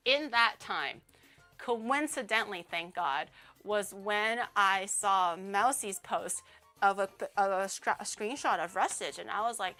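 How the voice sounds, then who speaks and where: Bright-voiced young woman streamer. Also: medium pitch, measured pace, faint music behind. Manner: animated, rambling, laughs often. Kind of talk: casual storytelling chat.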